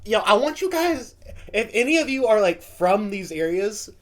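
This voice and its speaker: A man's voice: sits high, big pitch swings, moderate pace, fairly bright tone. A man hosting a reaction video, laughing often and repeating phrases as he tries out accents. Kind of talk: casual reaction commentary. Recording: heavy background noise.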